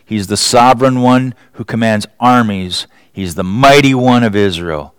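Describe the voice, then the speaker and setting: Guy giving a sermon, chatty, keeps asking "right?", dead dry mic, mid pitch. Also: a little slow, few pauses, clean tone, dry recording. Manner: conversational, asks rhetorical questions, chuckles often. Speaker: pastor.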